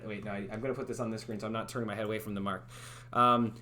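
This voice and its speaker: A man's voice: fairly low pitch, fairly even intonation, fast, a bit bright. A man streaming live, chatting casually and rambling, doubting himself and laughing at his own attempts. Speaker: streamer making a game. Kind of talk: casual livestream chat.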